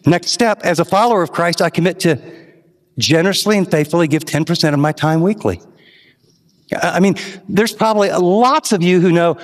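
A pastor preaching a sermon, impassioned and pushing to emphatic questions, then closing in prayer. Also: male voice, high voice, expressive, normal speed. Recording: long hall reverb.

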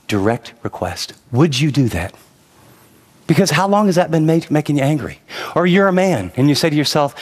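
Male pastor, slightly high voice, conversational sermon that turns emphatic; long hall reverb. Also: lively intonation, normal speed. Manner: conversational, rising to emphatic exhortation.

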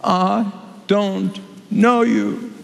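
A stern bridegroom shuts out the latecomers with slow, cold finality, as a male preacher acts him out. His voice is set fairly high and echoes through a long reverb. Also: big pitch swings, creaky, exaggerated voice. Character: stern bridegroom turning guests away. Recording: reverberant hall.

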